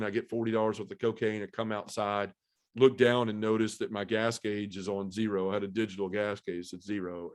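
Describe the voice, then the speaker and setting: Low-voiced man telling a candid testimony. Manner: candid, earnest, acts out his own inner voice. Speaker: podcast guest. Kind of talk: personal testimony storytelling.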